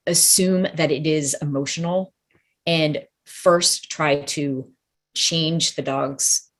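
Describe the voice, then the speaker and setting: Low-voiced woman dog trainer. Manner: thoughtful, rambling, hedging. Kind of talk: casual interview chat.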